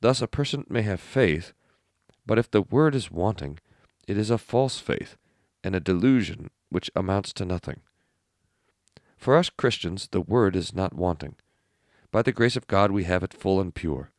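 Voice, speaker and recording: Deep-voiced man reading a sermon. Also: lively intonation, darkish tone, no echo, studio quality. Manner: measured, earnest reading. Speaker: reader. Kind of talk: reading aloud an old sermon text.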